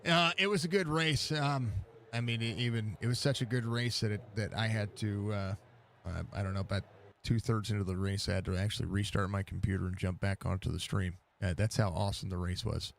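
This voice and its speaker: A man's voice: on the low side, steady tone, fairly quick, gravelly, a little hiss or hum. A man hosting post-race interviews in casual talk, laid-back and rambling, laughing often, on a headset mic. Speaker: race broadcast host.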